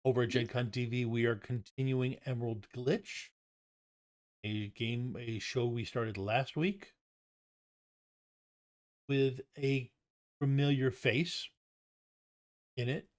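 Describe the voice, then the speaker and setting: A man's voice: mid-range voice, fairly even intonation. Hesitant man running a tabletop game. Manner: halting, many ums and restarts. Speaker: game master. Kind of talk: casual game master chat and stream sign-off.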